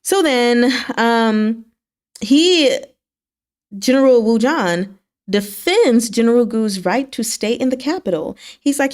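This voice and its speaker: A woman casually recapping novel chapters for her book club, animated and laughing, acting out the characters' lines. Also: fairly high pitch, takes it slowly.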